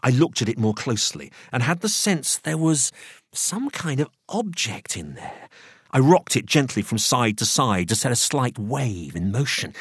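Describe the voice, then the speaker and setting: A man reads a first-person story aloud in a husky voice. His pitch rises and falls freely as he tells it. The sound is close and dry, with no room around it. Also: moderate pace, no echo. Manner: expressive, animated storytelling. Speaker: audiobook narrator. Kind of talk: scripted first-person narration.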